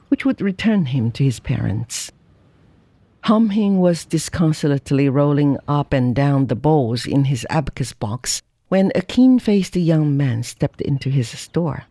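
A narrator reading a classic short story aloud in measured, unhurried storytelling. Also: mid-range voice, lively intonation, warm tone. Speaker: audiobook narrator. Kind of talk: scripted narration.

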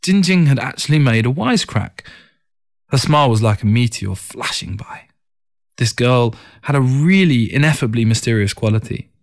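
A man reading a first-person story as an audiobook, in a measured, reflective narration. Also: medium pitch, animated, vocal fry.

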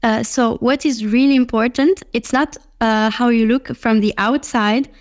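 A woman's voice: a little high, fairly even intonation, unhurried. A woman learning Chinese, translating sentences thoughtfully and asking questions in a casual lesson. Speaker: language learner.

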